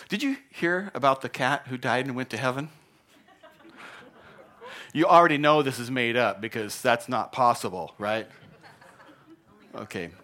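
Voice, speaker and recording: A man preaching a sermon as pastor, animated and joking as he tells stories. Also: medium pitch.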